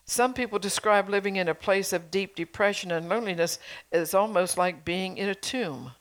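A woman's voice: medium pitch, moderate pace. A middle-aged woman preacher delivering a sermon, earnestly exhorting her congregation with rhetorical questions.

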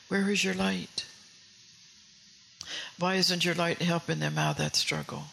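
A woman's voice: low voice, fairly even intonation, moderate pace, creaky, fairly bright tone, slight background noise, low-quality recording. A woman preaching a sermon in an earnest way, often repeating and restarting phrases and putting questions to her listeners.

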